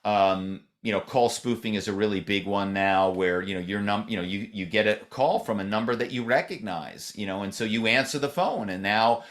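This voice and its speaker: A middle-aged man appears as a podcast guest in a conversational interview, talking loosely with many "you know" fillers and restarts. His voice is lowish and fairly bright, at a normal speed with few pauses.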